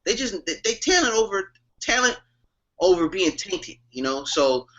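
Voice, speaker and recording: A man co-hosting a podcast, chatting about sports in an animated, storytelling way. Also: moderate pace, lo-fi sound. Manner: animated, storytelling, swings up in pitch when emphatic. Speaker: podcast co-host. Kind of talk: casual sports chat.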